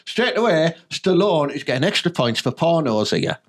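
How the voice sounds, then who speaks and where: A Teesside man hosting a comedy podcast, trading deadpan, teasing jokes with his co-host. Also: on the high side, normal speed.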